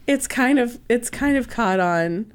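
A woman's voice: fairly high pitch, animated, measured pace, clean tone. A woman co-hosting a podcast in casual, playful chat, laughing often. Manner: giggly, playful banter. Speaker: podcast co-host.

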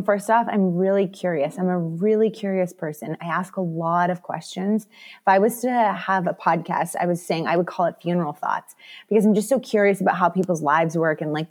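A woman in her thirties, a podcast guest, chatting casually and acting out her own thoughts in animated asides. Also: on the low side. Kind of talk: casual interview chat.

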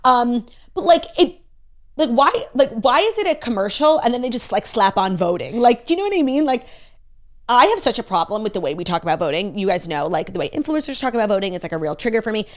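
A young woman co-hosting a casual pop-culture chat, talking fast and animated, with lots of fillers and sarcasm. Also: fairly high pitch. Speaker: podcast co-host.

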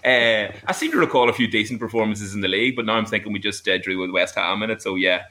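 A man co-hosting a casual podcast, chatty and quick to laugh. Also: on the low side, sharp tone, slight background noise. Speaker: podcast co-host.

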